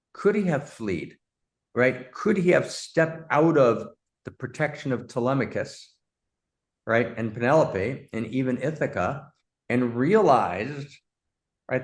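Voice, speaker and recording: Man, host, emphatic, effusive, excited outbursts, mid-pitched voice. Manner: warmly addresses his partner as "my friend". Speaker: host, philosopher. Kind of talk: animated film discussion.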